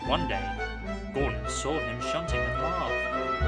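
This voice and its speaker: A man reading a children's storybook aloud, narrating in a lively, expressive way. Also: mid-range voice, takes it slowly, loud music behind the voice.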